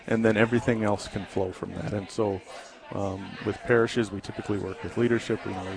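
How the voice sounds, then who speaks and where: A man guesting on a talk radio interview, speaking earnestly and haltingly with many ums and restarts. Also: on the low side, steady tone, gravelly, crowd noise. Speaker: guest, ministry founder.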